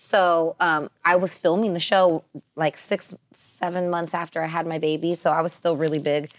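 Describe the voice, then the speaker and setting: A young woman chatting casually as a podcast guest, bubbly and quick to laugh as she tells stories. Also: low-pitched, little pitch movement. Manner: bubbly, laughs often while telling stories. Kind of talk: casual chat.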